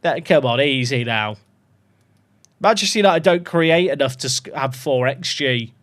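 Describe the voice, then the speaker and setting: Swearing and sounding dramatically despairing, this streamer talks to his chat while playing a football management game. His voice is mid-range and fairly bright, with lively intonation and a normal speed, fitting the casual livestream commentary.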